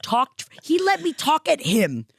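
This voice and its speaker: A woman co-hosting a podcast in casual chat, animated and gushing, often acting out quotes. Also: sits high, a little slow, creaky, no room sound, studio quality. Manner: animated, gushing, acts out voices. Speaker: podcast co-host.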